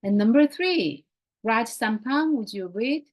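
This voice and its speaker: A woman with a fairly high voice leads a grammar class at an unhurried pace. She repeats key words and phrases patiently. She speaks English as a second language, with Korean as her first. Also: animated, a little mellow. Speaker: Greek teacher.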